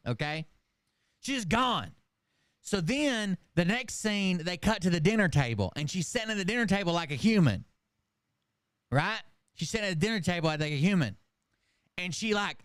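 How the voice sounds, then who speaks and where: Man, casual comedic storytelling, profane, dry close sound, very lively pitch. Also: no echo. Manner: animated, profane, keeps cracking up.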